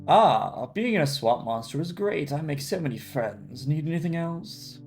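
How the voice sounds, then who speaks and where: A man's voice: a little high, expressive, normal speed, darkish tone, faint music behind, pitched above the performer's own voice. A man voicing a cheerful, simple-minded swamp monster who guards a castle and is eager to please.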